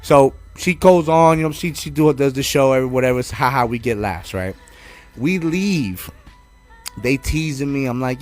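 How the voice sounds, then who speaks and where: A man's voice: medium pitch, normal speed, faint music behind. A man telling a funny story in a casual chat, profane and full of fillers. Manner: animated, profane, heavy on fillers. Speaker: podcast co-host.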